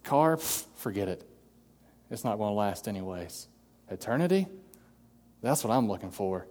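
A man's voice: lowish voice, expressive, normal speed, a little mellow. A man preaching an earnest sermon as pastor, acting out quoted voices as he goes. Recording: long hall reverb.

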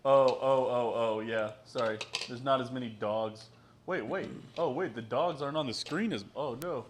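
A young man co-hosts a loose, joking podcast stream, rambling and laughing between lines. His voice sits at a middling pitch. A faint hiss runs under the recording. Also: moderate pace. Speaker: podcast co-host. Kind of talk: casual chat.

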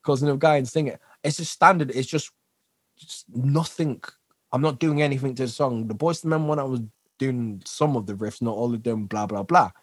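A man guest on a podcast, telling lively stories, acting out what people said and laughing often. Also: mid-range voice, a little fast, breathy edge, dry recording. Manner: animated storyteller who acts out quotes and laughs often. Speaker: guest, dancer, singer and actor. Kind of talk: casual interview chat.

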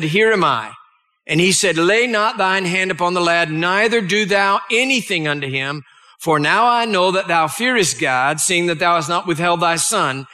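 A man's voice: sits high, pushed and bright. A male pastor preaching a sermon, reading scripture aloud and stopping to explain it and to pray.

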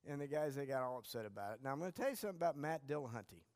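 A male class teacher with a mid-range voice, telling stories in a relaxed, self-deprecating way. His talk is casual and anecdotal. A long hall reverb follows his words. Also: medium pitch, very fast.

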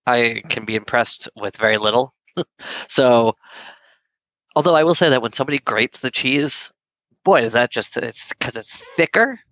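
A man's voice: medium pitch, lively intonation, normal speed, a bit bright, dry recording, dull audio. A man co-hosting a casual podcast chat, playful and rambling, laughing often as he talks. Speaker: podcast co-host.

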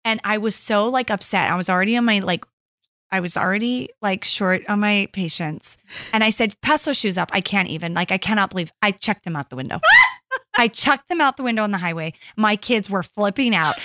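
A middle-aged woman co-hosting a podcast, telling animated stories and acting out her own quotes in a casual chat. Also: medium pitch, a little fast, heavy background noise. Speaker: podcast co-host.

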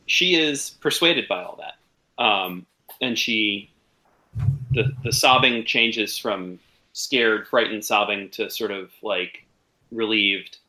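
A man narrating a tabletop game as game master. His voice sits a little low but sounds bright and sharp, and he talks casually and hesitantly with many fillers. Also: takes it slowly, poor audio.

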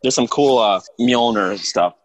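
A young man chatting casually, relaxed and rambling, chuckling now and then. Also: medium pitch, unhurried, low-quality recording. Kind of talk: casual chat.

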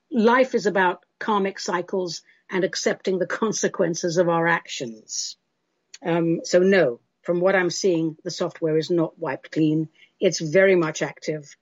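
British woman, talk-show host, breathy husky voice, muffled lo-fi sound, chatty and theatrical with listeners. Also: fairly low pitch, a little mellow, no room sound. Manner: chatty and theatrical, calls listeners love and darling. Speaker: host answering listener questions. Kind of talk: spiritual call-in talk show.

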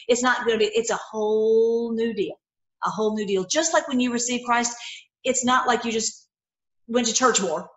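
A woman's voice: medium pitch, echoey room. Effusive older woman teaching the Bible. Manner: effusive, full of rhetorical questions. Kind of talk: informal Bible teaching and prayer.

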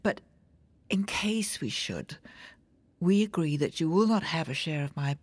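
A vain, theatrical older film star. Her voice sits lowish but leaps about with lively, gushing swings in a dramatic radio-play manner. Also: measured pace, dry recording. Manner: dramatic, gushing, swings between sharp and tender. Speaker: actress.

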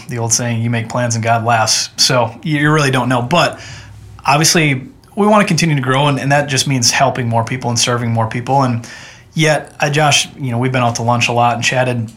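A man's voice: medium pitch, brisk, a bit bright. A man, a chiropractor, talking earnestly and chattily as a guest in a casual podcast interview. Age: adult with children. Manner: earnest, chatty, with frequent restarts.

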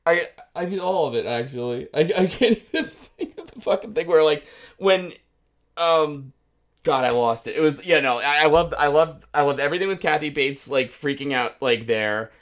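A man's voice: fairly high pitch, expressive, moderate pace. A man co-hosting a casual podcast, ranting with exasperation and swearing. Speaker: podcast co-host. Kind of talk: casual chat.

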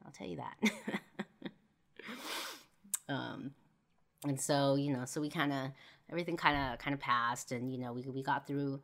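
A woman hosts a podcast in a rumbling low, slightly bright voice with vocal fry, keeping a fairly even intonation and moderate pace broken by long pauses. She candidly tells a personal tale loaded with fillers and swearing, becoming heated when reliving disputes.

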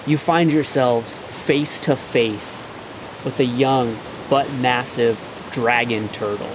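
A man narrating a tabletop game as game master, slowly and descriptively. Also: medium pitch, fairly even intonation, background noise. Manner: slow, descriptive storytelling.

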